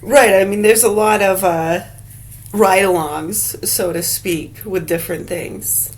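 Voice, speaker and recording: A woman's voice: medium pitch, slow pace. Blunt, profane woman ranting to camera. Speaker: vlogger. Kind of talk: angry profane rant to camera.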